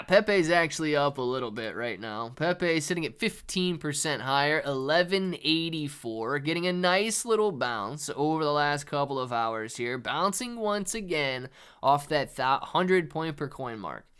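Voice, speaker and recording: A man's voice: a little high, a bit bright, clear, resonant tone. A man hosting a casual livestream about markets, chatty, calling viewers dude and man. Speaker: livestream host. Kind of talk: casual live market commentary.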